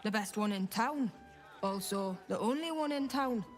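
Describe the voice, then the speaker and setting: A man's voice: high voice, lively intonation, moderate pace. An actor playing an impatient male newspaper seller in a video game, curt and pushy, over faint music.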